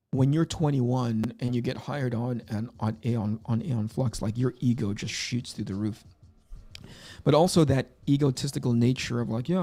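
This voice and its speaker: A man's voice: mid-range voice, mellow. A middle-aged man hosting a casual livestream, telling rambling, self-deprecating stories about his career. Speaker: livestream host. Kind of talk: casual livestream chat while drawing.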